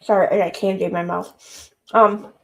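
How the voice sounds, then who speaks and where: A woman's voice: medium pitch, measured pace, vocal fry, darkish tone. A woman livestream host chatting casually, reading viewer comments aloud and teasing them with sarcasm.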